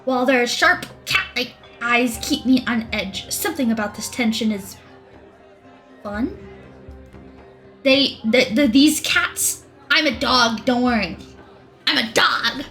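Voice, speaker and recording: Young woman streamer, fairly high voice, lively joking reactions, faint music underneath. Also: measured pace. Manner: animated, joking, shouts reactions. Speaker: streamer reading a visual novel. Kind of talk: live-streamed game reading with reactions.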